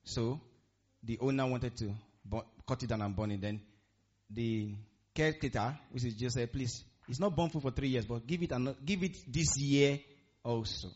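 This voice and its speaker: A man preaches, drawing his listeners in with questions they are meant to answer and repeating his points word by word for weight. His voice sits at an ordinary middle pitch. The recording is dull and lo-fi. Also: normal speed, a little mellow. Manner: call-and-response questions, repeating phrases for emphasis. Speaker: pastor. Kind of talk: interactive sermon.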